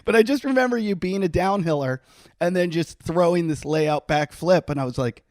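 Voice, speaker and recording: A middle-aged man hosting a podcast, with a fairly high, animated voice. He tells stories casually, acting out other people's lines and laughing as he goes. The sound is dry and close to the mic. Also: moderate pace, no echo. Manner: animated, laughing, acts out quotes. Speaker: podcast host. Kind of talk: casual storytelling chat.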